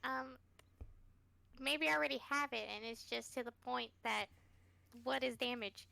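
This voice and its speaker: A woman's voice: high voice, unhurried, gravelly, bright, forceful tone. A woman playing a tabletop game, goofy and playful. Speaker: player. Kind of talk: casual tabletop game play.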